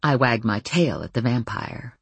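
A woman narrating a first-person audiobook with a wry, lively storytelling manner. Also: rumbling low, measured pace, gravelly, husky, dry recording.

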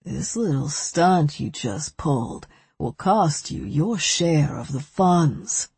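Lady doing a cruel creepy guy, low drawl, a bit husky. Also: lively intonation, takes it slowly, darkish tone, no room sound, exaggerated voice. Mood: taunting. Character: menacing male kidnapper, sneering and cruel.

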